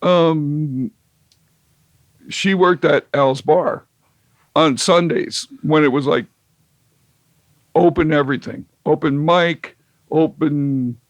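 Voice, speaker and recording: A man's voice: fairly high pitch, slow pace, pauses often, no room sound. A man telling a long, wry, rambling story as an interview guest, with lots of fillers and restarts. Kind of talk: casual storytelling.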